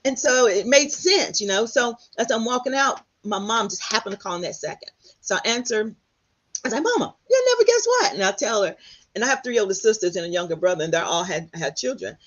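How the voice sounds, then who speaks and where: A middle-aged woman's husky voice comes through a dull, lo-fi recording. She tells her story as a guest, bringing it to life by acting out what other people said. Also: medium pitch, a little fast. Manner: animated, quotes others in lively voices. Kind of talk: storytelling in conversation. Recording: dull lo-fi sound.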